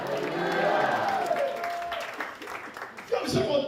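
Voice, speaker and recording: A man's voice: sits high, expressive, normal speed, pauses often, a little mellow, some chatter behind. A man preaching a sermon in an emphatic, exhorting way, repeating his key phrases. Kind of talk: sermon with call-and-response. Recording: echoey hall, from far off.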